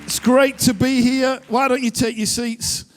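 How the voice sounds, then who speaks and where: A middle-aged man with a Northern English accent gives a sermon as a guest preacher. His voice sits high for a man, and he talks in a chatty, self-deprecating way with plenty of ums and uhs. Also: little pitch movement, measured pace, faint music behind, a faint crowd. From Northern England. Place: church hall.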